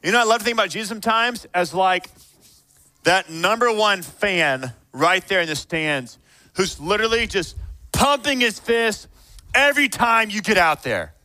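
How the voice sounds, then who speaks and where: A man preaching a sermon in a conversational way, moving between hushed reflection and fired-up encouragement. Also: high voice, animated, normal speed. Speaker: pastor.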